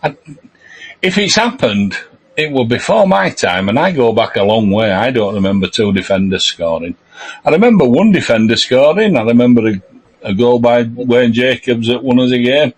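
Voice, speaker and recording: A man's voice: mid-range voice, animated, normal speed, breathy edge. An older man co-hosting a football podcast, talking emphatically and repeating himself for effect. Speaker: podcast co-host. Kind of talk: casual football chat.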